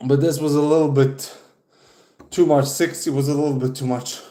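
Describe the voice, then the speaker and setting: A man's voice: on the high side, steady tone, moderate pace, mellow, reverberant. A young man from Serbia chatting casually on a livestream, out of breath after push-ups and swearing often. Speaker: streamer.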